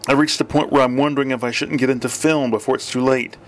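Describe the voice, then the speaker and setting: A man's voice: mid-range voice, fairly even intonation, fast, lightly acted. A man voicing an earnest male novelist near sixty, searching for meaning, in an audiobook.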